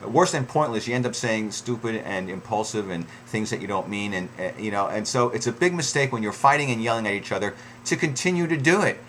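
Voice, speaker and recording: A man's voice: fairly low pitch, expressive, fairly quick, hardly any pauses, a bit bright, a little hiss or hum. A middle-aged man giving relationship advice in an unscripted, conversational way, with many fillers and restarts and acted-out quotes.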